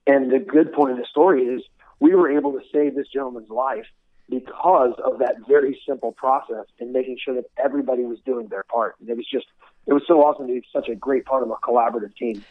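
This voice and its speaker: Talking fast in a medium-pitched voice, a former military instructor shares stories from his career in a conversational interview. He's earnest and repeatedly restarts his words, and the echo-free audio is narrow and tinny.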